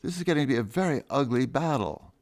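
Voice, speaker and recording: A man's voice: mid-range voice, animated, fast talker, darkish tone. A man hosting a talk radio program, in a mid-range voice. He frames the issues with strong, punchy phrases and presses his guest with probing questions. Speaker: radio host. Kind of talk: radio interview.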